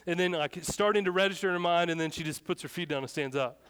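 A man's voice: sits high, fast, clean tone. A young adult man preaching a sermon in a casual storytelling way, acting out the lines of people in his story. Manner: casual, storytelling, acts out shouted dialogue. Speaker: pastor.

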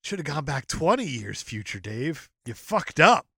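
A man with a fairly high, bright voice co-hosts a movie podcast. He jokes and reads reviews aloud with lively swings in pitch. The sound is dry and close. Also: moderate pace, creaky, slightly rough, dry recording. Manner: joking, reads out reviews with laughs. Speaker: podcast co-host. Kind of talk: casual chat.

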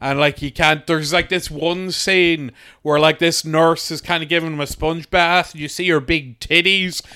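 A man's voice: on the high side, fairly even intonation, measured pace, pushed and bright, smooth. A man in casual comedic podcast chat, crude and joking, often slipping into silly voices.

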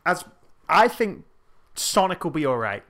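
A man's voice: a little high, big pitch swings, measured pace, a bit bright. A man co-hosting a podcast in wry, rambling casual chat. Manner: wry, rambling, laughs easily. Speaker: podcast co-host.

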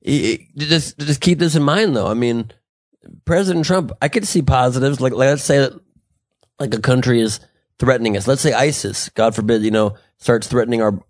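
A man co-hosts a podcast in loose political banter, joking and wandering through restarts. His voice sits at mid pitch. The sound is dry and close. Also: normal speed, no echo. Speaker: podcast co-host.

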